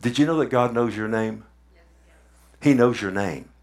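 A pastor preaches a sermon conversationally, posing questions to the congregation and repeating words for emphasis. His voice is medium in pitch and a little mellow, at a moderate pace.

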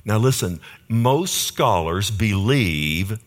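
Man, pastor preaching, slightly low pitch, emphatic, swings from loud to hushed. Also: expressive, takes it slowly. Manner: emphatic preaching, asking the congregation "Amen?"; vivid storytelling with sudden loud and soft swings. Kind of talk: sermon.

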